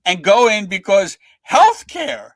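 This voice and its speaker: Older male guest, lively anecdote teller, high bright voice with big swings, dry close mic. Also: takes it slowly, gravelly, no room sound. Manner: lively storyteller, acts out voices in quotes. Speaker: comics writer, guest. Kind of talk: animated anecdote telling.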